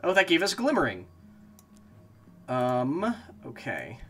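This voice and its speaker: A man's voice: medium pitch, huge pitch swings, slow pace, fairly bright tone, slightly rough, faint music behind. A man streaming a game, talking to himself as he plays and breaking into frustrated, swearing outbursts. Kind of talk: casual gameplay commentary.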